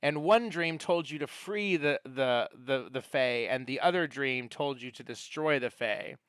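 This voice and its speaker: A man's voice: mid-range voice, measured pace, fairly bright tone, clean tone, no echo, natural voice. A man voicing a learned old male wizard who gives wry advice. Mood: advising.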